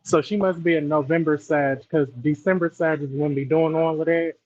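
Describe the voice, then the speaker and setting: A man's voice: on the high side, fairly even intonation, moderate pace, a little mellow, no room sound. Man on a dull, dry call line. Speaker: caller.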